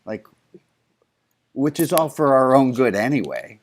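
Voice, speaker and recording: A man's voice: medium pitch, big pitch swings, measured pace. Rabbi, male, loose jokey group leader with frequent restarts, heard over a video call. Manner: warm, joking, stumbling restarts. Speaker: rabbi leading an online service. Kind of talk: casual, interactive service talk.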